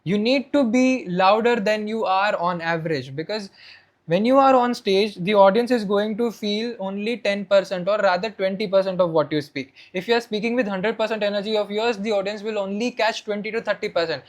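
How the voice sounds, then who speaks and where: A young man with an Indian English accent giving a spoken tutorial on presentation skills, shifting between soft and loud delivery as he demonstrates voice modulation. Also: high voice, brisk. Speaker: presentation coach.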